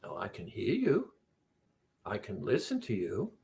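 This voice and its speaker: A man talking as a weight-loss coach, slowly and deliberately retelling a conversation with a client. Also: on the low side, wildly swooping pitch, vocal fry, a little mellow, a little hiss or hum. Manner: slow, deliberate, retells conversations with quoted dialogue. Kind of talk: reflective monologue.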